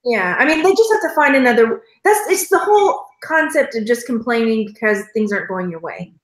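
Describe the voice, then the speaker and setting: A chatty woman talks casually as a co-host, self-deprecating and easygoing. Her voice sits a little high. There is a clear echo from the room. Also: expressive, a little fast. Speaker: podcast co-host. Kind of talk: casual chat.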